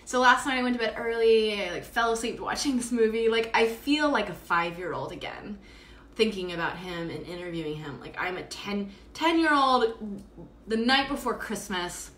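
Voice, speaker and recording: A woman's voice: mid-range voice, lively intonation, normal speed, fairly bright tone. An exhausted woman hosting a live stream from home, chatting in a rambling way with plenty of fillers. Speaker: podcast host doing a live stream. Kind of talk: casual live-stream monologue. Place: at home, indoors. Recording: roomy echo, faint background ambience.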